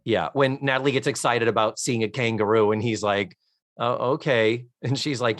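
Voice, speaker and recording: A man in his forties co-hosting a comedy podcast, talking casually, swearing and acting out scenes in quick mock voices. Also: mid-range voice, no echo, studio quality. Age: 40s. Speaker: podcast co-host. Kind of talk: casual comedic recap chat.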